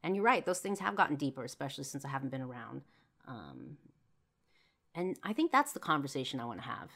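A woman's voice: very deep voice, big pitch swings, a little fast, fairly bright tone. A young woman hosting a podcast, telling an emotional personal story in a casual way, with frequent fillers and swearing. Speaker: podcast host.

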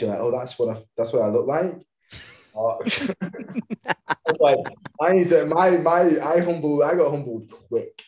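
In a casual interview chat on a podcast, an English man in his thirties talks about his career as a professional dancer. He's easygoing and laughs a lot, his voice sitting low in an echoey room.

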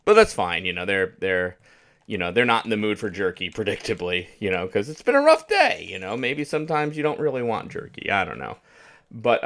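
A podcast co-host recapping a TV episode in lively, jokey casual chat. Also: mid-range voice.

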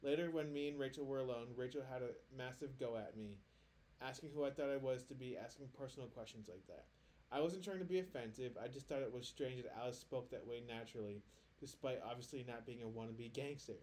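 A man's voice: mid-range voice, quick pace, a little mellow. A man co-hosting a casual podcast, reading listener posts aloud and chatting loosely with lots of filler words. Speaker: podcast co-host.

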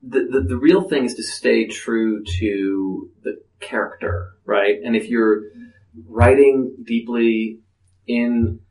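Male author, low gravelly voice, hesitant and reflective, roomy echo. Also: a little mellow. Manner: reflective, halting with many fillers. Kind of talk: panel discussion.

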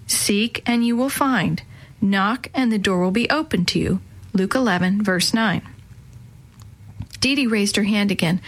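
A woman's voice: mid-range voice, fairly bright tone. A woman reading a children's chapter book aloud, giving the characters light voices. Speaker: narrator. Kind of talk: storybook reading.

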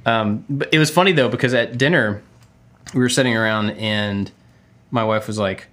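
Chatty middle-aged man, lowish voice. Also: normal speed, fairly bright tone. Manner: chatty storyteller, frequent fillers and laughs. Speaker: podcast co-host. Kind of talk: casual chat.

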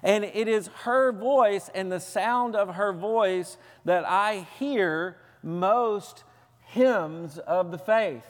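Pastor from the American South, male, high voice, earnest storytelling sermon, long echo of a church hall. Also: drawn-out words. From Southern United States. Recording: long reverb of a large hall.

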